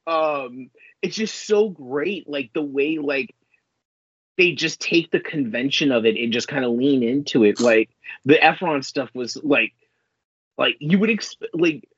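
Husky man ranting casually. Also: medium pitch, measured pace, dry recording, muffled recording. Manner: profane, rambling, animated. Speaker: podcast co-host. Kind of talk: casual chat reviewing a show.

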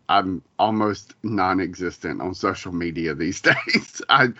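A laid-back man co-hosting a casual podcast, wry and given to the odd curse. His voice is very deep. The recording is dull and lo-fi, with a dry sound. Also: sharp tone, no echo. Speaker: podcast co-host. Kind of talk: casual chat.

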